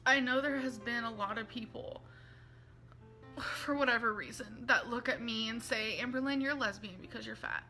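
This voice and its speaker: A woman's voice: a little high, sharp tone. A woman in a confessional vlog, earnest and emotional, reading out messages and talking them through. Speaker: vlogger.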